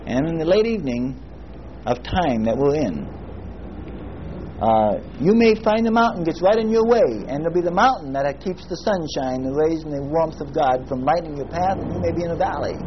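A male pastor preaching a sermon in a folksy storytelling way, slowing down to stress scripture word by word. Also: a little high, animated. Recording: muffled lo-fi recording with faint hiss.

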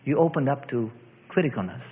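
A man with a mid-range, expressive voice preaches a little quickly, swinging dramatically between loud passages and hushed ones. The recording is tinny and lo-fi, captured in a reverberant hall.

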